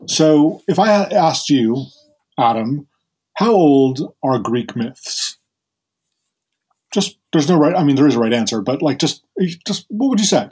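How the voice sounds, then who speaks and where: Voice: mid-range voice, a little mellow, slightly rough, rough recording. A host retelling a Greek myth in casual, chatty conversation, with fillers and laughter. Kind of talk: casual storytelling.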